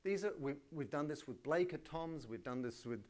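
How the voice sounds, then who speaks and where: Speaking at normal speed in a voice on the high side, this middle-aged Australian keynote speaker addresses a live conference. He's energetic and colloquial and pokes fun at himself along the way.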